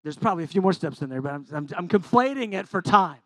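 A middle-aged male Bible teacher preaches in a casual, animated way, with a fairly high, gravelly voice. He acts out little quotes and pokes fun at himself. The sound is close and dry. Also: quick pace, dry recording. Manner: animated and conversational, acting out quotes with self-deprecating humor. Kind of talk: informal sermon.

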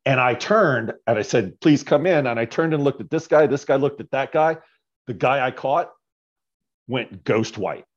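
A man casually telling a story as a podcast guest, animated and often tagging his lines with "right?". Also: mid-range voice, moderate pace, muffled recording.

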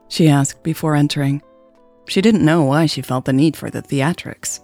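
Brief: woman narrator for a romance serial, low warm tone, some vocal fry, soft music under. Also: moderate pace, no echo. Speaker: podcast narrator. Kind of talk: scripted narration of a romance story.

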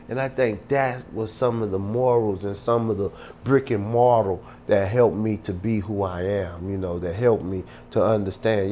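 A man's voice: lowish voice, measured pace, a little mellow, a little hiss or hum. A man from Louisiana telling his life story in an interview with emphatic, preacherly, streetwise delivery. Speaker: guest.

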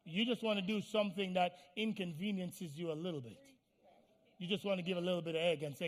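A man preaching a sermon as pastor, pleading and repeating phrases, swinging from hushed tones to loud, fiery declarations. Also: high voice, steady tone, fast talker. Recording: long hall reverb.

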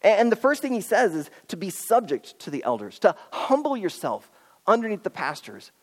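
A man preaching a sermon as pastor, earnest and pleading, swinging between loud and hushed. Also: sits high, very animated, normal speed. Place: church auditorium. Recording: long reverb of a hall.

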